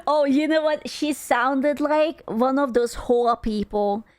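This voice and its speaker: A woman's voice: high voice, big pitch swings, slow, smooth, dry recording, studio quality. A woman streamer giving casual reaction commentary, sarcastic and mocking, swearing freely. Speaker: VTuber streamer reacting to a video.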